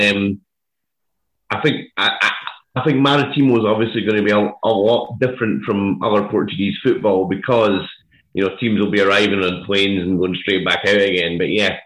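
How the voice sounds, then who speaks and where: A man's voice: fairly low pitch, a bit bright. A Scottish man in casual podcast chat, telling an anecdote with many hesitant fillers. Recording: roomy echo.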